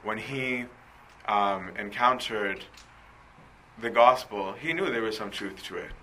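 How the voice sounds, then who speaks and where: A man delivers a sermon in a chatty, questioning way, often checking in with his listeners. His voice is low-pitched but bright and pressing. A faint ambient hum sits behind him. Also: slow, low-quality recording. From Coptic Christian community. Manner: conversational, rhetorical questions, frequent "right?". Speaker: preacher.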